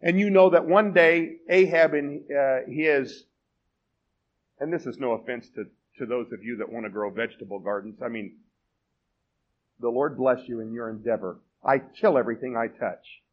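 A man's voice: mid-range voice, normal speed, dull audio. A man in his forties preaching a sermon as pastor, telling the story with self-deprecating humor.

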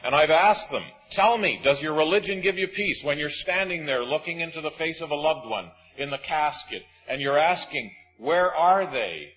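A man preaching a sermon, emphatic and swinging between loud and hushed. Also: a little high, normal speed, hardly any pauses, muffled recording, faint music behind.

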